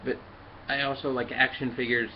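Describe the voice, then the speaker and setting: A man's voice: mid-range voice, little pitch movement, muffled recording, a little hiss or hum. A man casually reviewing and demonstrating a toy, walking through each step with lots of ums and uhs as he handles it. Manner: halting, many fillers, talks while handling the toy.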